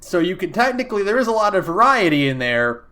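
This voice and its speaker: A man's voice: high-pitched, very animated, fast talker, pushed and bright. Guy co-hosting a podcast, rambly, lots of likes, dry jokes. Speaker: podcast co-host. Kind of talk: casual chat. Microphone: remote call.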